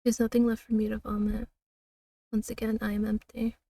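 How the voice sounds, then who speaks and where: A woman streamer reading a narrative game aloud in a slow, dramatic way, now and then breaking off with laughs and asides. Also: a little high, completely flat delivery, mellow, distant mic, slight background noise.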